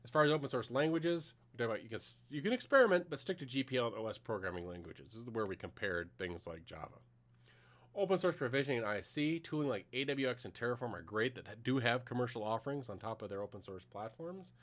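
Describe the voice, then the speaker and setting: A man's voice: mid-range voice, expressive, fast talker, a bit bright. A middle-aged man giving a conversational technical conference talk with a live demo, explaining plainly with some fillers. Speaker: conference presenter.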